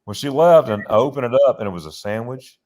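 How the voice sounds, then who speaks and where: A man's voice: mid-range voice, fast talker. Male host, mid voice, chatty rambling storyteller, laptop mic at home. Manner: rambling, animated anecdote with many restarts. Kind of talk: casual storytelling chat. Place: home office.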